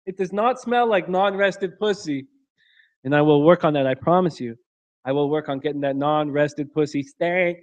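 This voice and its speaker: High-voiced man hosting a crude, laughing stream. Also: moderate pace, darkish tone, no echo. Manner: crude, joking, laughs often. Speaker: sports betting show host. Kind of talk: live-stream chat reading. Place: hotel room.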